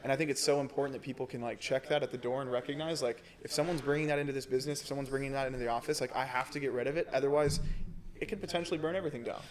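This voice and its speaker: A man's voice: medium pitch, steady tone, rapid-fire. A man hosting a podcast in casual conversation, rambling a bit with lots of fillers and restarts. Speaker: podcast host.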